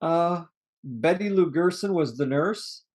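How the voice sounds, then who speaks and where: A man co-hosting a casual movie review podcast speaks slowly in a fairly high, somewhat mellow voice with lively intonation. He rambles over cast names, restarting often and laughing at his own jokes.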